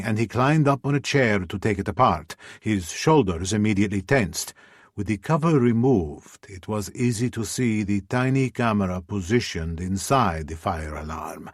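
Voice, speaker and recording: A man narrating a romance audiobook in first person, with measured, intimate storytelling. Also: lowish voice, no room sound, clean studio sound.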